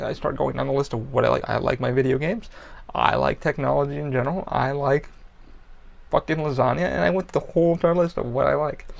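A man talks openly on his own podcast, blunt and profane, drifting from story to story. His voice has a rough, gravelly edge and sits at an ordinary middle pitch. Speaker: podcast host. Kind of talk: candid personal talk.

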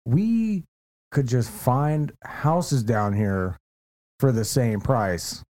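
A young man co-hosting a casual podcast. His voice is mellow and mid-pitched, and his manner is blunt, with ranting complaints and heavy swearing. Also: animated, extremely slow. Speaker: podcast co-host.

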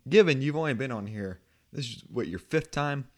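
A man's voice: medium pitch, animated, normal speed, a crowd in the background. A man hosting a podcast, chatting casually and praising his guest. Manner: admiring, laughing along. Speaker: podcast host. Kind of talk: casual chat.

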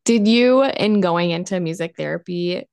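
Friendly, encouraging woman interviewer; low, gravelly voice, close and dry. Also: moderate pace, a little mellow, dry recording. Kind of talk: casual interview.

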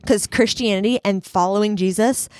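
A woman's voice: medium pitch, normal speed, a little mellow, dry recording, studio quality. A young woman hosting a casual faith chat, telling earnest, rambling stories. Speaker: podcast host.

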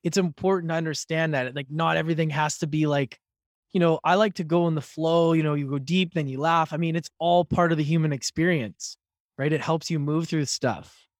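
A man's voice: on the high side, fairly even intonation, fairly quick, no echo, clean studio sound. A man hosting a podcast, talking in a casual, reflective and affirming way. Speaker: podcast host. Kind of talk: casual conversation.

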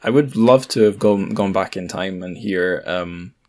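A man's voice: low-pitched, measured pace, darkish tone. A Scottish man co-hosting a podcast, chatting casually with joking asides. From Scotland. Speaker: podcast co-host. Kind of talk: casual chat.

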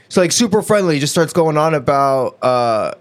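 A man's voice: fairly high pitch, expressive, moderate pace. A man from San Diego co-hosting a podcast, telling stories in a rambling, hesitant way with many fillers. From San Diego, United States. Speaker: podcast co-host. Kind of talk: casual chat.

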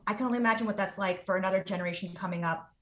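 A woman in her forties talks as a guest in a relaxed conversation. Her pitch sits in the middle range. She is animated and keeps slipping into little acted-out versions of her own reactions. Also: rapid-fire. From United States. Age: 40s. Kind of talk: casual conversation.

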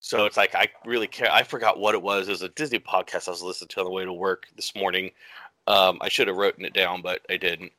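Male podcast co-host, low and bright, hesitant chat, dry sound. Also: steady tone, fast, no echo. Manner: rambling, hesitant, with many fillers. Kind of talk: casual chat.

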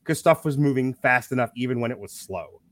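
A man's voice: mid-range voice, lively intonation, fairly quick, no echo. Frank, swearing man in a dry podcast chat. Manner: frank, swears freely, restarts sentences. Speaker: podcast co-host film reviewer. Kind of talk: casual film review chat.

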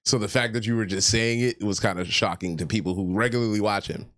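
A man's voice: lowish voice, quick pace, fairly bright tone. A man co-hosting a podcast in casual chat, joking and agreeable in banter. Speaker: podcast co-host.

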